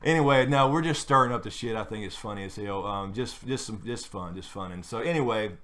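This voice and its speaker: A man's voice: on the low side, fairly quick, fairly bright tone. A man hosting a late-night live stream, chatting casually and rambling with many fillers and restarts.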